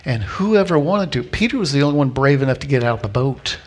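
A man preaching a sermon as a pastor, telling a story with lively acted-out voices and repeating key lines slowly for emphasis. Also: medium pitch. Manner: animated storytelling, acting out voices of people in the story.

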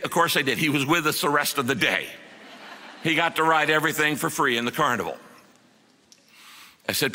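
A man's voice: on the high side, animated, a little fast, long pauses, sharp tone, big-room sound. A middle-aged man preaching a sermon, telling a story earnestly and acting out the quotes.

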